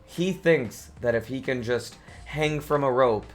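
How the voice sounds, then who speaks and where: A man voicing a pack of farm dogs who mock and jeer, scornful and loud. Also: mid-range voice, a little slow, soft background music, natural voice. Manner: scornful, jeering. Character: mocking pack of farm dogs, jeering bullies.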